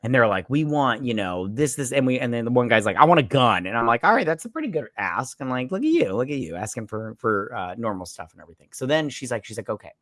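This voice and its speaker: A man's voice: mid-range voice, fast talker, few pauses, no room sound, clean studio sound. A man hosting a casual drunk movie review podcast, retelling scenes and acting them out. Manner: animated retelling, acts out scenes. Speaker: podcast host.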